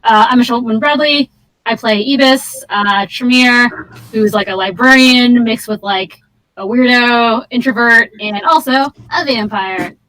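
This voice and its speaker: A woman's voice: on the high side, measured pace, a bit bright, low-quality recording. Bubbly woman hosting a stream Q and A. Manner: bubbly, stumbling over words. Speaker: player leading the Q and A. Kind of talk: casual stream chat.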